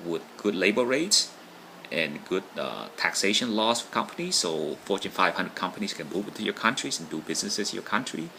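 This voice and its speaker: A man's voice: low-pitched, gravelly, bright, forceful tone, a little hiss or hum, low-quality recording. A man talking casually to camera in a rambling monologue, often checking in with "right?". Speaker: vlogger.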